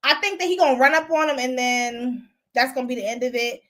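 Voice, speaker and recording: High, bright-voiced woman gossiping bluntly. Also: steady tone, a little fast. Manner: greets and answers viewers as she talks. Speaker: host. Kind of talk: casual live-stream chat.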